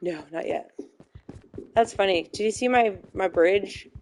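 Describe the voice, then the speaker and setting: A woman's voice: mid-range voice, unhurried, a little mellow, a little hiss or hum. A young woman chatting casually while playing a game, telling stories with lots of fillers and giggles. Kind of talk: casual chat while gaming.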